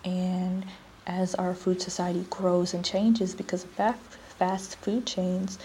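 A young woman hosts a casual solo podcast, chatty and restarting often, sometimes dropping to a whisper. Her voice is on the low side with a dark tone. The recording is rough, with a little hiss or hum.

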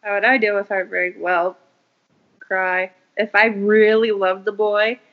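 A young woman co-hosting a casual chat podcast, playful and quick to giggle. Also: medium pitch, little pitch movement. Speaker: podcast co-host. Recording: dull lo-fi audio.

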